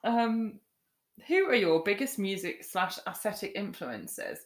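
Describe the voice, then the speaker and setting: A woman's voice: medium pitch, animated, measured pace. A woman co-hosting a podcast in casual chat, giggling often and rambling with lots of fillers. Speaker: podcast co-host. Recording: roomy echo.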